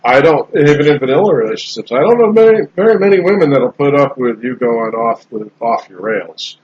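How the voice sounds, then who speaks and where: A man in casual podcast chat, talking in a relaxed, rambling way with frequent restarts. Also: medium pitch, brisk, slightly rough. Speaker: podcast host. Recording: slightly dull lo-fi sound with faint background noise.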